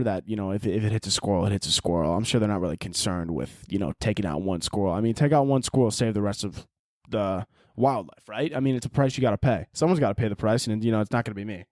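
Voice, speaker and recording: A man's voice: mid-range voice, darkish tone, no echo. A man hosts a solo podcast, talking in a loose, rambling way with lots of swearing and jokes. His voice sits in a mid range for a man. The recording is dry and close, with no room sound. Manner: rambling, profane, jokey. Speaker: podcast host.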